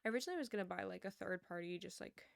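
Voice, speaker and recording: A woman streaming and chatting as she plays, her talk loose and rambling. Her voice carries a steady gravelly fry at a middle pitch. She speaks into wired earbuds, with a faint hiss underneath. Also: rapid-fire. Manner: rambling, chatty storytelling with frequent laughs. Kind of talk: casual chat while gaming. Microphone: wired earbuds with a headset mic.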